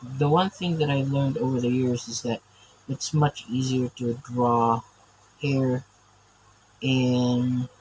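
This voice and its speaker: A man's voice: medium pitch, steady tone, slow, darkish tone, slight background noise, rough recording. A man chatting casually while he draws, rambling and stammering with frequent laughs. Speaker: artist drawing on camera. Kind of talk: casual chat while drawing.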